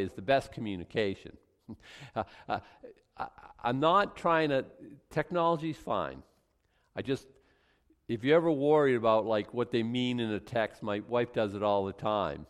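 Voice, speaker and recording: A man's voice: mid-range voice, long reverb tail. A man teaching a Bible study in a casual, conversational way, reading scripture aloud then commenting with frequent restarts.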